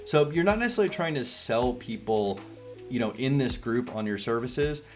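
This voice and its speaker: A man with a Southern US accent explains sales tactics in a relaxed, rambling, drawling way. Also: medium pitch, normal speed, faint music behind. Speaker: online business coach. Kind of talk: casual sales tutorial.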